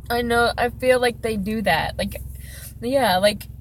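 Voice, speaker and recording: A woman's voice: on the high side, measured pace, slight background noise, low-quality recording. A middle-aged woman talking casually and emotionally from her car, rambling with many fillers and restarts. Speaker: vlogger. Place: parked car.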